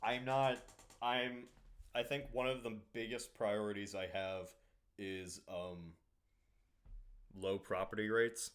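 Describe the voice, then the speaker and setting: A man from Ohio chatting casually on a podcast, rambling and halting with fillers. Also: lowish voice, fairly even intonation, fairly bright tone, clean tone. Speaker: podcast host. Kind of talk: casual chat.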